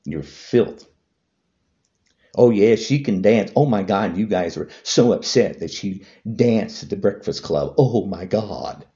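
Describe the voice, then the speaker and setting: An expressive, unhurried male vlogger with a warm tone speaks to camera almost without pausing, delivering a heated political rant. He hurls the same insults again and again while his voice swings high and low, and the audio sounds dull.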